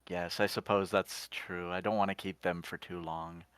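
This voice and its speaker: A man voicing a good-natured, hesitant paladin with a big appetite in a tabletop game, mild and halting. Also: deep voice, fairly even intonation, a bit bright, clear, resonant tone, no room sound.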